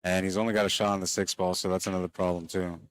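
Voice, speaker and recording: Fast and low-pitched, a man provides relaxed, talkative live commentary on a pool match while speaking straight to viewers of his stream. He's a bit worn out late in the day.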